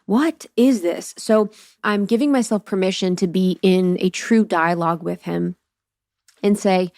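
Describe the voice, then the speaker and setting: A woman's voice: lowish voice, steady tone, a little slow, gravelly, a little mellow, dry recording, studio quality. A woman in her thirties hosting a solo podcast, telling a personal story candidly and expressively, swearing freely and acting out her own thoughts. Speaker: podcast host.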